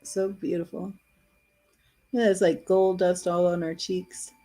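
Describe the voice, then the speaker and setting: A woman's voice: on the low side, level tone, measured pace, dark tone, poor audio. Chatty woman doing a tarot livestream. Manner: chatty, laughs often, reads card messages aloud. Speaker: tarot reader. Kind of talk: live-streamed tarot reading.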